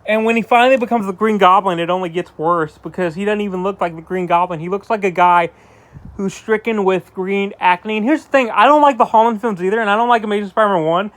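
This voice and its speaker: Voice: mid-range voice, fast. A movie reviewer ranting casually, exasperated and rambling with lots of restarts. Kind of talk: casual spoken film review.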